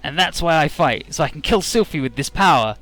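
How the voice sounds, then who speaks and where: A man's voice: on the high side, lively intonation, brisk, fairly bright tone, soft background music, voice pushed up. A man reading aloud the lines of a stubborn, power-hungry young male rival in a game, with a defiant tone. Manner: defiant, cocky read-aloud game dialogue.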